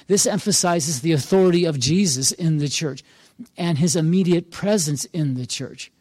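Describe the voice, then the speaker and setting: A man's voice: fairly high pitch, moderate pace, a little mellow, dry recording. A male pastor preaching an earnest, encouraging sermon, repeating key phrases for emphasis.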